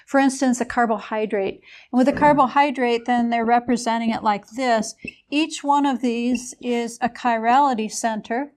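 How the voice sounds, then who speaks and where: A woman lecturing a chemistry class in a casual, explanatory way, with a few fillers as she goes. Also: fairly high pitch.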